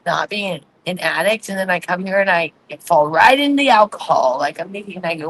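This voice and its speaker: A woman in her forties chatting candidly on a livestream, rambling and confessional, filmed outdoors on a quiet city street at night with a phone on a tripod. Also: lowish voice, fairly quick, few pauses, a little hiss or hum, rough recording. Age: 40s. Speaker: vlogger hosting a livestream. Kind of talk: casual livestream chat. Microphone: phone on a tripod, no earphones.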